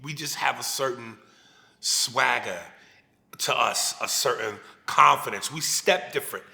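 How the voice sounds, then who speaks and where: A man's voice: medium pitch, a little slow, vocal fry, sharp tone, reverberant. A man from New York with a New York accent, a comedian ranting animatedly and profanely in a casual interview. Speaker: comedian guest.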